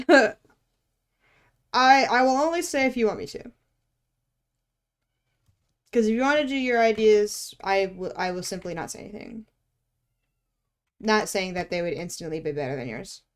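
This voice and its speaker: This art streamer's voice is medium in pitch, with a measured pace and long pauses. While drawing live, she chats easily, jokes at her own expense, swears without much thought and laughs frequently.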